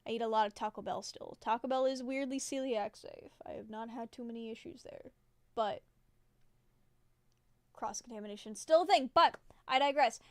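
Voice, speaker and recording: A young female livestreamer chats casually with her live audience, wandering between thoughts, giggling often and leaning heavily on fillers like "like." Her fairly high voice is smooth and clear, and the recording is dry and close with no echo.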